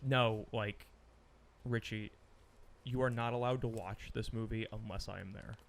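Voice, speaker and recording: A man co-hosting a podcast in casual chat, animated, laughing often and swearing freely. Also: fairly low pitch, unhurried, gravelly, slight background noise. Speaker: podcast co-host.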